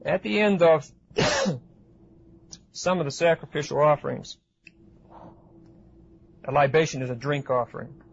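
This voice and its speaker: A man's voice: fairly high pitch, sing-song, a little slow, creaky, pauses often, breathy edge. Man teaching a Bible class, lo-fi. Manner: hesitant with frequent uh fillers, asks class questions. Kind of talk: expository Bible lecture. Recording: dull lo-fi recording.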